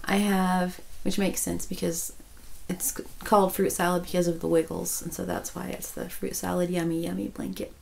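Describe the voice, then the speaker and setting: A woman's voice: lowish voice, normal speed, gravelly, hardly any pauses, slight background noise, poor audio. A woman, chatting casually as a crochet vlogger, rambling with many restarts and turning emotional. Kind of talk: casual chat.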